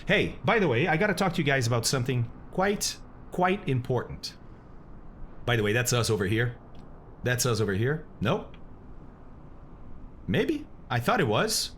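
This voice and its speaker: A man's voice: medium pitch, sing-song, moderate pace, fairly bright tone, a little hiss or hum. A man streaming a flight simulator, chatting casually with viewers, reading chat aloud and laughing often.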